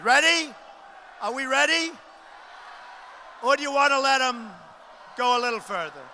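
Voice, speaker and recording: A man giving a loud, emphatic rally speech to a big crowd, repeating short phrases. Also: lively intonation, unhurried, a little hiss or hum. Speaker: political candidate at a rally. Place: large arena rally. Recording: booming reverb of a big arena.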